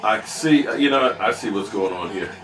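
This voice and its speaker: A man's voice: lowish voice, expressive, moderate pace, fairly bright tone, echoey room, distant mic. A man hosting a casual live stream, joking with his chat and scolding trolls. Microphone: desk microphone.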